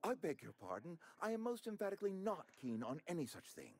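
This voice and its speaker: A pompous middle-aged administrator from a video game, formal and fussy, buttering up every stranger. His voice is husky, and his pitch swoops wildly from line to line. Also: wildly swooping pitch, fast, a little mellow, exaggerated voice. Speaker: game character.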